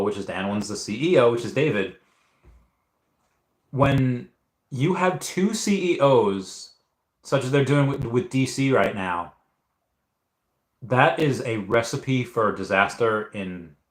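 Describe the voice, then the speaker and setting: Rambling young man, echoey room. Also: medium pitch. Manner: rambling, repeats words and restarts often. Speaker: livestream host reading chat. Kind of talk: casual livestream Q&A.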